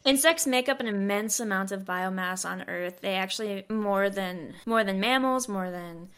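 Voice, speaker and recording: A woman's voice: medium pitch, normal speed, a bit bright, clean tone. A young adult woman co-hosting a science podcast, explaining research in a loose, chatty way full of "like" and "you know". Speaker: podcast co-host and monarch researcher. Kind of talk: casual science podcast chat.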